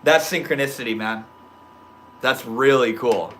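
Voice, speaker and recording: Livestreaming casually from home, a young man reads chat comments aloud and reacts with laid-back stoner slang and casual swearing. His mid-range voice keeps a measured pace, swinging from soft murmurs to sudden loud, excited outbursts, and a slight hiss or hum runs underneath.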